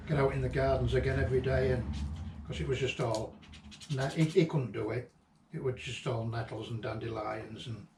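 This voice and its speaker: A man reminiscing casually about a late friend, halting and reflective, with frequent ums and restarts. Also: mid-range voice, gravelly, a little mellow. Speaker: vlogger remembering a late friend. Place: at the friend's old house and garden. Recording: roomy echo, distant mic, faint ambient noise.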